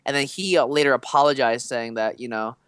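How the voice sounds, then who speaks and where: A man's voice: medium pitch, steady tone, fairly quick, fairly bright tone, clean tone, dry recording. Young male podcast co-host; rambling, filler-heavy delivery; resonant voice; dry close mic. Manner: loose, rambling storytelling with many fillers. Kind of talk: casual chat.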